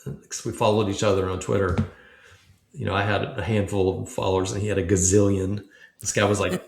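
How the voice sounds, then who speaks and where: A man from Memphis, a podcast guest, telling a long story in a relaxed way and acting out quoted dialogue as he goes. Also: low-pitched, brisk, gravelly, a little hiss or hum. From Memphis, United States. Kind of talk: casual storytelling. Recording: echoey room.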